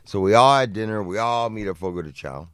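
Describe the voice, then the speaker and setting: A middle-aged man telling a profane, animated story in casual podcast chat, acting out what people said. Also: on the low side, brisk, smooth, no room sound. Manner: profane, animated anecdote with acted-out quotes. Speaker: podcast co-host.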